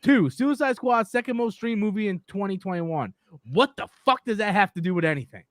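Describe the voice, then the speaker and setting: A man's voice: high-pitched, lively intonation, brisk, no echo, studio quality. A man hosting a live movie talk stream, ranting casually, exasperated, repeating himself and swearing freely.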